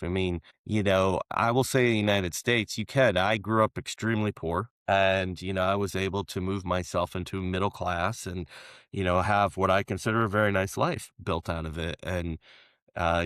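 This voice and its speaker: Rambling, animated man with a low voice. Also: dry recording, clean studio sound. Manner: rambling and animated, laughs often. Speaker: podcast host. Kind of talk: casual conversational interview.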